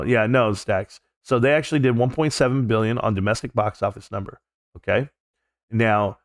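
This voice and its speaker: A man's voice: mid-range voice, no room sound, clean studio sound. A man hosting a live stream, casually chatting and reading viewer comments aloud in loose, profane slang.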